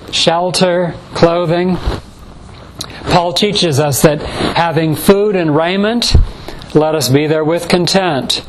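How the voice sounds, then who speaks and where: A man preaching a morning sermon, measured and earnest, slowing down to stress scripture quotations. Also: high-pitched, slight background noise, poor audio.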